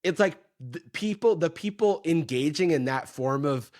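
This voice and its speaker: A man's voice: fairly high pitch, lively intonation, normal speed, a little mellow, dry recording, studio quality. A man guesting on a podcast, chatting casually in a thoughtful, hesitant, wry way. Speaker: guest, YouTuber. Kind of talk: casual chat.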